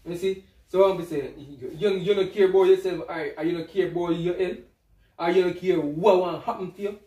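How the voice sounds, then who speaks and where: Insistent Jamaican man, high voice, echoey room. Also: steady tone, fairly quick, warm tone, highs cut off. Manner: insistent, lecturing, repeats himself. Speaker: vlogger husband. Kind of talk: casual couple argument. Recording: echoey room, mic far off.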